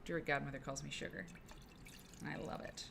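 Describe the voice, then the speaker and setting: A woman with a fairly low voice hosts a laid-back co-working stream from her office. She rambles chattily and greets viewers by name, with a faint hum behind her. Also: level tone, a little fast, gravelly, a bit bright. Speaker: live-stream host. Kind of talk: casual co-working stream chat. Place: her office, late at work.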